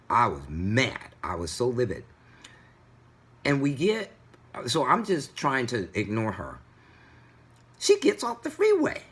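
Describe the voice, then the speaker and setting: Husky low-voiced guy ranting through a story, pitch all over the place. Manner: animated, indignant retelling. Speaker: vlogger. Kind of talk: casual storytelling vlog.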